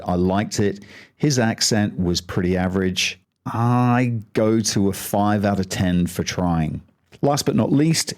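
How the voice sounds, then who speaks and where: A man's voice: fairly low pitch, darkish tone. A man hosting a podcast, talking about history in a casual, chatty way that wanders off on tangents. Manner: chatty, digressive, rates things out of ten. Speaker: podcast host.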